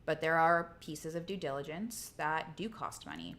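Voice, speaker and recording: A woman's voice: low-pitched, big pitch swings, moderate pace, fairly bright tone, slight background noise. A woman co-hosting a casual livestream chat, talking in a conversational way with frequent restarts. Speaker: co-host.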